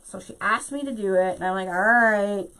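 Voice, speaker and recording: A woman's voice: medium pitch, fast talker, fairly bright tone, low-quality recording. A woman hosting a live craft tutorial, chatting to her viewers directly and laughing often.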